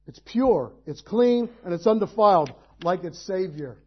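A man's voice: sits high, animated, normal speed, few pauses, breathy edge, muffled recording. A male pastor preaching a sermon, in a conversational style with folksy asides and rhetorical questions.

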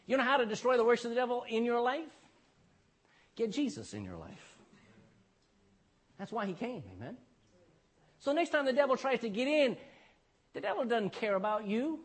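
Male pastor, sermon, high voice, husky, emphatic, peppered with amens. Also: sing-song, normal speed, pauses often. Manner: emphatic, repeats "amen" and "you know".

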